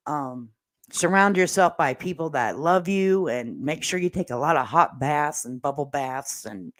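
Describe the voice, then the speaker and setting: A woman's voice: low voice, lively intonation, a little slow. Chatty woman hosting a casual livestream. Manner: chatty, laughs often, swears casually. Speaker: livestream host reading viewer comments.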